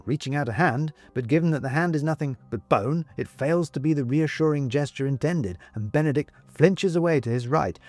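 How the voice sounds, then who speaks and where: Lively male storybook narrator. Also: medium pitch, no room sound. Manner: lively, expressive. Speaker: audiobook reader.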